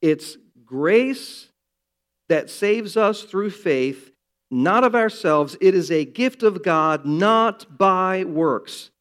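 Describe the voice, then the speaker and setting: An older man preaching a sermon, earnest and building to emphatic, loud passages. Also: high-pitched, lively intonation, extremely slow. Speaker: pastor.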